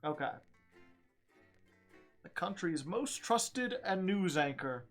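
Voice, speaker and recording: A man streaming a game, reading its story text aloud in a quiet voice and breaking off for joking asides to chat. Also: sits high, expressive, slow, soft background music.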